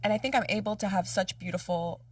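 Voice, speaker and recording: A woman's voice: medium pitch, fast, husky, no room sound, distant mic. A woman podcast host in casual chat, open and affirming, speaking about her own dating life. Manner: open, affirming, short agreeing replies.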